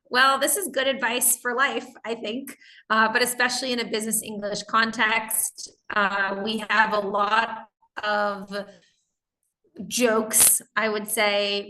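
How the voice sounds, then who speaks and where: Bright chatty woman teaching a webinar. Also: medium pitch, echoey room, a little hiss or hum. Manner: chatty, explains with examples, reads chat questions aloud. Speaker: webinar instructor. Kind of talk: live online teaching.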